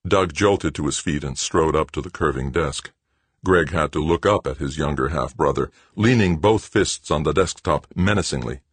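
A man narrating a novel as an audiobook in measured storytelling. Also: rumbling low, slightly rough, dry recording. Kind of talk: scripted narration.

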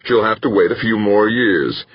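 A man's voice: fairly low pitch, moderate pace, slightly rough, dry recording, muffled recording, pitched above the performer's own voice. A man voicing a glowering ship captain who speaks in stern, clipped lines in an audiobook. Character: gruff, glowering ship captain, protective father.

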